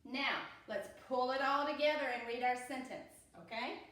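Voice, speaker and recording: A woman with a Southern US accent walks young children through a phonics lesson, her voice a little high and steady. She speaks slowly and patiently, repeating each rule. The sound is very roomy and echoey, caught from some distance away from the mic. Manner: slow, patient, repeats with "okay?". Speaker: pre-K teacher. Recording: echoey room, voice a bit far from mic.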